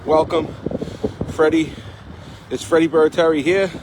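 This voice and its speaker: Biking along a path, a man hosts a rambling live-streamed chat, a little winded and peppering his talk with "you know." His voice sits on the high side with a steady tone and measured pace, and the phone mic is battered by heavy wind.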